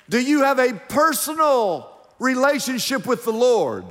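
A man's voice: very high voice, sing-song, slow, a bit bright, big-room sound. A man preaching a sermon in a church, emphatic and questioning the congregation directly. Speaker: pastor. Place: church sanctuary.

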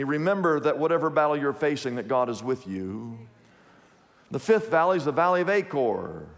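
A man preaching a sermon as a pastor, telling stories in an animated way and repeating his phrases. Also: a little high, moderate pace, vocal fry, big-room sound. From Kansas, USA.

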